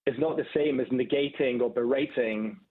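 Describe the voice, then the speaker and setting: Male guest expert, measured explainer, husky tone, phone-line audio. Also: mid-range voice. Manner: measured, explanatory, fond of "subtle" and "right?". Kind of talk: radio phone interview.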